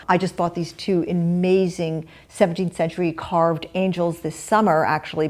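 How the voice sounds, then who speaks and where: Older woman, homeowner on a house tour, low-ish voice, casual storytelling full of ums and restarts. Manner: animated, chatty, many ums and restarts.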